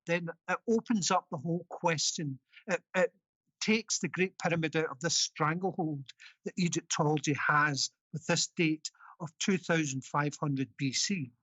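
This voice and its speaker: A man's voice: on the high side, normal speed, fairly bright tone, dry recording, highs cut off. A Scottish man being interviewed as an author and researcher, talking earnestly and insistently, with plenty of ums. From Scotland. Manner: earnest, insistent, many fillers. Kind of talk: casual interview talk.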